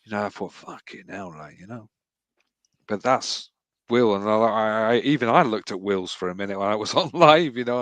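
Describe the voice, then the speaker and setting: A man's voice: lowish voice, normal speed, a bit bright, dry recording. A man in casual livestream chat, rambling and swearing with many restarts, heard over a video call.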